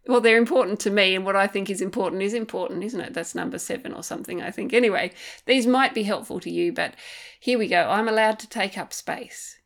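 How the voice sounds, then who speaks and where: A woman hosting a solo podcast, talking gently and earnestly, thinking aloud with frequent pauses and ums while offering faith-based encouragement. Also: medium pitch. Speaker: podcast host. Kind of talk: reflective solo podcast talk.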